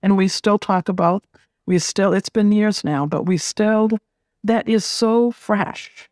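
A middle-aged woman being interviewed, telling a personal story in a gentle, reflective way and often repeating words as she gathers her thoughts. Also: medium pitch, slow pace, dry recording, clean studio sound. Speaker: interview guest.

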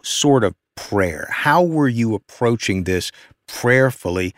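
A man's voice: mid-range voice, expressive, takes it slowly, dry recording, studio quality. A man hosting an interview, asking thoughtful questions in an attentive way. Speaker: interview host. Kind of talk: conversational interview.

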